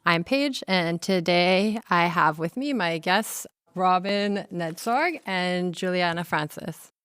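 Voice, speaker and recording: A woman hosts a conference interview in a smooth, resonant voice with friendly, measured questions. The sound is dry and close, with no room around it. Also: lowish voice, a bit bright, dry recording. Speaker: podcast host.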